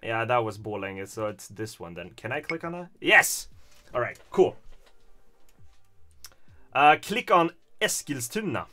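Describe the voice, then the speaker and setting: A man's voice: medium pitch, lively intonation, measured pace, pauses often, pushed and bright, faint music behind. A man from Stockholm with a Swedish accent, chatting casually as a streamer in a rambling, hesitant way with frequent chuckles. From Stockholm, Sweden. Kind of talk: casual livestream commentary.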